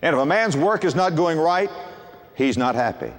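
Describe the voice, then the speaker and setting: A man's voice: on the high side, expressive, moderate pace. An older man preaching a sermon in a folksy way, acting out what husbands and wives say to each other. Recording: long hall reverb.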